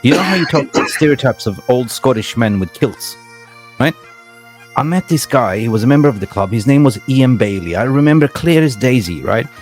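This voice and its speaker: A man hosting a casual football fan chat, rambling through stories and often breaking into laughter. His voice sits at a middle pitch, with faint music playing behind him. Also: animated, a little fast, darkish tone. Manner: chatty storyteller, laughs often, repeats words. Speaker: host.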